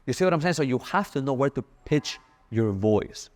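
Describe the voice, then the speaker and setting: A man giving a casual, punchy sales coaching talk, now and then acting out sample pitches. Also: animated, moderate pace, a little mellow.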